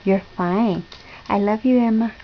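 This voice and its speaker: A mother coaching her small daughter through a puzzle at home, with slow, sing-song praise that drops to whispers. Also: mid-range voice. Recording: dull lo-fi home video with faint noise.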